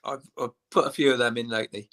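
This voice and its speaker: Older bloke on a fan stream, bright forceful voice, hearty and matey. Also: male voice, mid-range voice, fairly even intonation, quick pace. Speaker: guest fan. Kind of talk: casual livestream chat.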